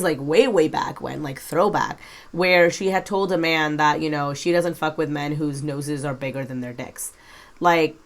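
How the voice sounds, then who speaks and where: A woman giving reaction commentary in a blunt, frank way, swearing casually as she talks. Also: sits low. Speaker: commentary YouTuber.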